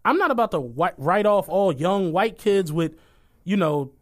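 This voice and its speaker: A man's voice: high-pitched, lively intonation, moderate pace. A man co-hosting a podcast, chatting loosely with plenty of slang, swearing and laughter. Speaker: podcast co-host. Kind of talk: casual chat.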